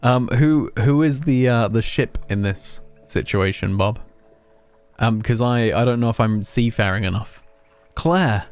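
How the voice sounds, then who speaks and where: A man's voice: medium pitch, measured pace, darkish tone, smooth. A man streaming a video game, chatting casually and rambling with his co-host. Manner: chatty, rambling, self-mocking. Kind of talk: casual let's play commentary.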